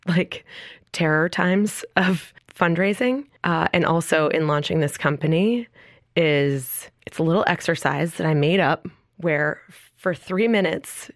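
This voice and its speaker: A woman founder speaks as a podcast guest in a slightly low voice. She is playful and laughs easily, and she is from Massachusetts. The recording is dry and close. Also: unhurried, no echo. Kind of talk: casual podcast interview.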